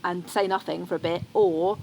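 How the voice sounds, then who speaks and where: An enthusiastic woman co-hosts a podcast in a casual chat. Her voice sits somewhat low for a woman. Steady background noise is clearly heard behind her. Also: normal speed. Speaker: podcast co-host.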